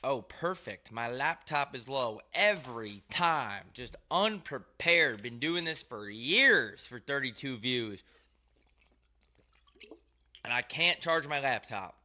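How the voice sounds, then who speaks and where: A man's voice: medium pitch, expressive, slow pace, bright, forceful tone. A man hosting his own show, telling rambling, profane, wry stories in a loose monologue. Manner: profane, wry, ranting storyteller. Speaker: show host.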